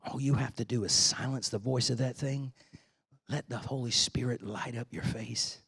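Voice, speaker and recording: A preacher voicing God, softly pleading. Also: male voice, mid-range voice, fairly even intonation, moderate pace, creaky, breathy edge, pitched below the performer's own voice, full character voice. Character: God gently warning a man, fatherly.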